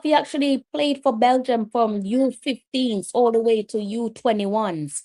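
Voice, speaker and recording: Excitable woman commentating a live match. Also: a little high, a little slow, few pauses. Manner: chatty, breaks into loud exclamations at the play. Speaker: watch-along match commentator.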